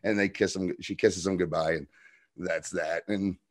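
A man's voice: low-pitched, steady tone, moderate pace. Giggly man recapping TV episodes. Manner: laughs often, acts out lines from the show. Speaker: podcast co-host. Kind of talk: casual TV recap chat.

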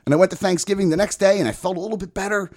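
A man's voice: high voice, fairly even intonation, very fast, darkish tone. A man in his forties telling a personal story in casual chat as a podcast guest, rambling, profane and often laughing.

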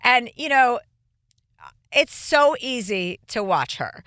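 A woman in her forties hosts a relaxed studio conversation, her voice pitched a little high. She tells stories bluntly and swears freely. The sound is dry and close, with no room echo. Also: takes it slowly. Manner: frank, profane storytelling. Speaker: podcast host. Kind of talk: casual chat.

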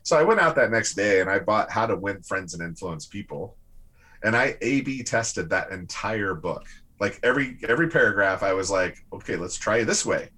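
A man, a guest on a conversational show, telling personal stories in an animated, lively way. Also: on the low side, moderate pace. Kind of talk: casual conversational storytelling.

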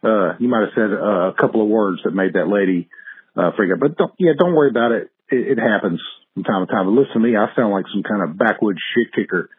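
A male caller leaving an easygoing, halting voicemail message full of fillers. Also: on the low side, breathy edge. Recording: tinny phone line.

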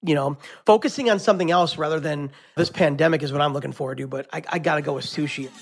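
Chef guest, male, loose chatty delivery, fillers and chuckles, a bit high-pitched. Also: fast, vocal fry, breathy edge, soft background music. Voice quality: laughs often, rambling with repeated fillers. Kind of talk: casual interview answers and joke telling.

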